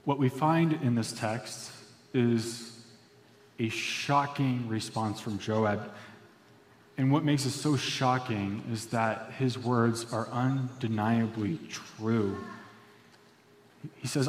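A man's voice: mid-range voice, takes it slowly. A man preaching a sermon as pastor, in an earnest, reflective storytelling manner. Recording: echoey hall reverb.

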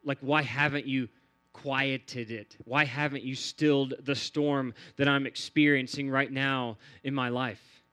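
A man's voice: mid-range voice, fairly even intonation, measured pace, fairly bright tone, smooth. A man preaching a sermon in an earnest, repetitive cadence, building phrase on phrase. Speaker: pastor.

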